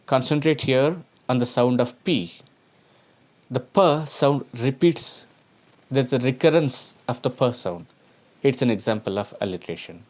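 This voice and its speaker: A man teaching a recorded lecture on poetry, reading each example slowly twice and then explaining it, asking his students questions along the way. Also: mid-range voice, lively intonation.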